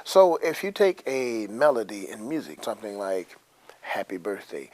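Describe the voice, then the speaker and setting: A man explains music to young students in a friendly, simple way. His pitch rises and falls a lot as he talks, and he slips in sung syllables to show what he means. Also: big pitch swings, moderate pace, darkish tone. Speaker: music teacher. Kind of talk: explaining to children.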